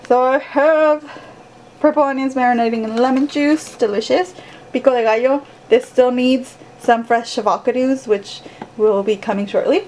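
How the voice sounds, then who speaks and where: A woman's voice: sits high, steady tone, moderate pace, darkish tone, slight background noise. A young woman talking casually at home as a book vlogger, rambling with lots of "like" fillers. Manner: rambling, filler-heavy "like" talk. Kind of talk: casual vlog chat.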